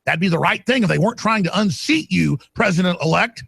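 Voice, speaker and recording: A male talk radio host tears into a heated monologue and lets it climb into shouts. His voice sits high and gravelly with a husky edge. The sound is close and dry, with no room around it. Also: lively intonation, a little fast, dry recording. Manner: ranting, fiery, shouts at peaks.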